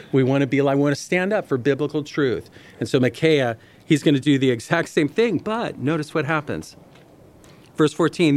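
A man's voice: mid-range voice, no echo. Male pastor, bible teaching sermon, reads passages then talks them through, speaks straight to the congregation, dry close sound. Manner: conversational, reads scripture and explains it, addresses listeners directly.

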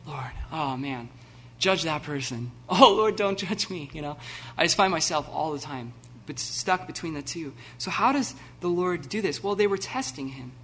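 A man preaching a sermon, animated and laughing, acting out the scenes with sudden loud bursts. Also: a little high, normal speed. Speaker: pastor.

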